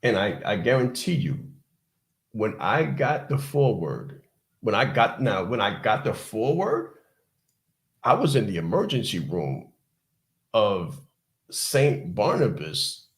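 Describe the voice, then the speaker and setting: A man's voice: fairly low pitch, big pitch swings, measured pace, reverberant. A man hosting a podcast, telling a motivational personal story in an emphatic, repetitive way and speaking straight to his listeners. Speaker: podcast host.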